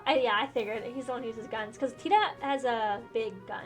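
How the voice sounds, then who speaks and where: A woman's voice: a little high, fairly quick, few pauses, faint music behind. A woman hosting a gaming channel, chatting casually and teasingly while she plays. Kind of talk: casual game commentary.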